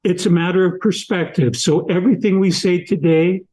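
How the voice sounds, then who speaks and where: Slow, deliberate storytelling older man. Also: high-pitched, fairly even intonation, warm tone, low-quality recording. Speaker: podcast guest, author. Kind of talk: storytelling in an interview.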